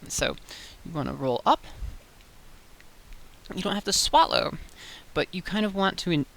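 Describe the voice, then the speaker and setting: A young woman giving a casual voice-training tutorial, chatty and loose, with fillers and quick self-corrections. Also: lowish voice, animated, gravelly. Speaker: voice coach. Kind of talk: casual tutorial talk to camera. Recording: faint hiss.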